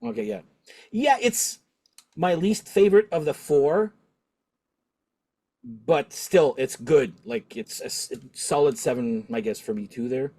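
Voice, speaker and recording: Chatty middle-aged man, higher voice. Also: a little slow. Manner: talkative, animated, laughs often. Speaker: podcast host. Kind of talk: casual chat.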